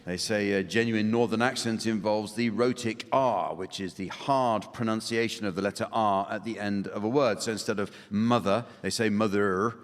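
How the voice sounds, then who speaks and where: An English man hosting a comedy panel game with a dry, deadpan delivery. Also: fairly low pitch, moderate pace, hardly any pauses, in a large hall.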